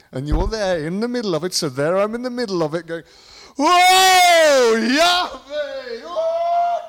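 A British man preaching a charismatic sermon, rambling and repeating phrases, dropping to low musing then breaking into sudden shouts. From Britain.

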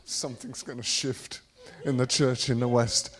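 A British man preaching a charismatic sermon, rambling and repeating phrases, dropping to low musing then breaking into sudden shouts. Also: little pitch movement, moderate pace. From Britain.

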